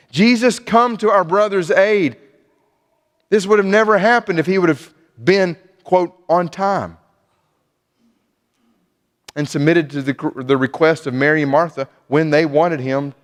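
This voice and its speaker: A man preaching a sermon in a church, earnest, often restarting and repeating words as he speaks. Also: on the high side. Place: church sanctuary. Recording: long church reverb.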